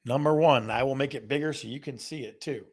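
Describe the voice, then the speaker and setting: Middle-aged guy hosting a real estate live stream, keeps repeating his questions to chat, kinda gravelly. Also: medium pitch, fairly quick. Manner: playful, repeats questions to the audience. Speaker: real estate show host.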